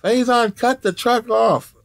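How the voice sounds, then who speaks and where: A man telling a profane story as an interview guest, animated, laughing often and acting out the other people in it. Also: extremely high pitch, unhurried, gravelly.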